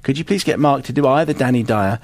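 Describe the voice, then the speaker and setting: A man's voice: medium pitch, fast. A man, co-hosting a podcast and reading out listener emails in a dry, teasing way. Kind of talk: casual podcast chat.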